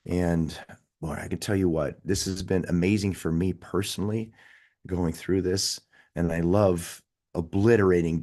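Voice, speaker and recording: A man hosting a motivational study call over video, emphatic and repeating key phrases for stress, swinging between loud bursts and hushed asides. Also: low voice. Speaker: host of a daily study call. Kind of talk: motivational study-group teaching.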